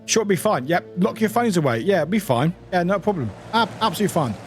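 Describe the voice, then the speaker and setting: A young British man streaming a video game, chatting casually with lively outbursts, jokes and laughter. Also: high voice, quick pace, faint music behind. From United Kingdom. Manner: animated, laughing, swearing, chatty. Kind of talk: casual gameplay commentary.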